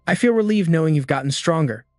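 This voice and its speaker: A loyal teenage friend speaks low and gently, as a man reads him out. The voice is recorded dry and close. Faint music plays behind him. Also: lively intonation, fast, no room sound. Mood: sincere. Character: warm-hearted teenage boy, loyal friend.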